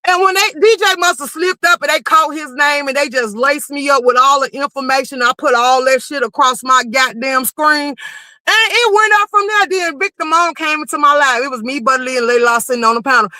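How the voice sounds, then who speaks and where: Woman streamer, high pitch, sharp bright voice, dry close sound, animated profane storytelling. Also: dry recording, rough recording. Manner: animated, profane, quick to raise her voice. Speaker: livestream commentary host. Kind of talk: casual storytelling rant.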